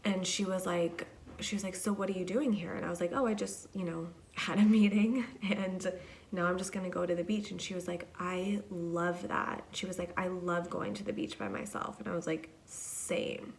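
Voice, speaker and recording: A woman's voice: lowish voice, steady tone, normal speed, gravelly, slight background noise. A young woman hosting a podcast alone, telling a story in a chatty, casual way, swearing and saying "like" a lot. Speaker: podcast host.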